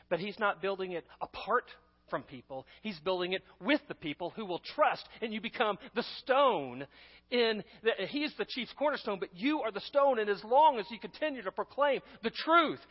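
Guy preaching a sermon, high voice, kinda dull muffled recording, big church echo. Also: husky. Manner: emphatic preaching with shifts between loud and hushed delivery. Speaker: pastor. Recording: long hall reverb, dull lo-fi sound.

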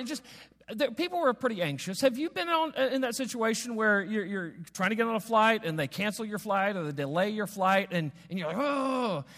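A man's voice: high voice, a bit bright. A man preaching a sermon as pastor, telling a story conversationally, with asides, fillers and restarts. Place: church sanctuary. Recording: long reverb of a large hall.

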